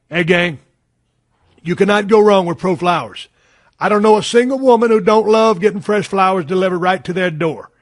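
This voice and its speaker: A man's voice: high-pitched, no echo, studio quality. A man hosting a podcast, reading ads and chatting in a folksy, profane way with loose grammar. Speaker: podcast host. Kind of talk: ad read and casual chat.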